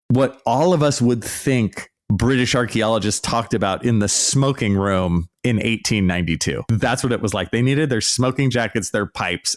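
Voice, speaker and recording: A man hosting a podcast as an archaeology professor, ranting in a sarcastic, mocking, animated way. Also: medium pitch, no echo, studio quality. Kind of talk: casual ranting commentary.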